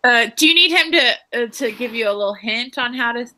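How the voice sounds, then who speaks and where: A woman's voice: on the high side, lively intonation, brisk, sharp tone, low-quality recording. A woman player in a casual tabletop game chat, talking with many fillers and often laughing.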